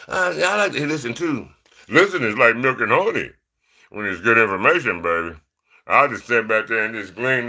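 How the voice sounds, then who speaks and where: Casting: male vlogger, forceful and gravelly, casual rambling delivery full of "man". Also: mid-range voice. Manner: loose, rambling, peppers talk with "man" and "you know". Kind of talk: rambling casual monologue to viewers.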